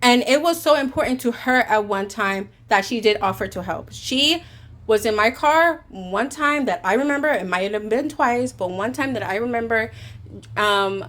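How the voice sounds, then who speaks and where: A woman's voice: fairly high pitch, moderate pace, fairly bright tone. A woman telling a storytime vlog in a heated, swearing way, acting out both sides of an argument. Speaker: vlogger; caregiver.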